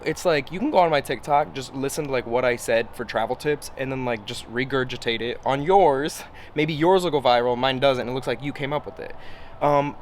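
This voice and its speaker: A man's voice: medium pitch, a little hiss or hum. A man in his thirties talking casually to camera in a travel vlog, chatty and sarcastic, swearing and laughing often. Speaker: travel vlogger. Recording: music playing over the voice.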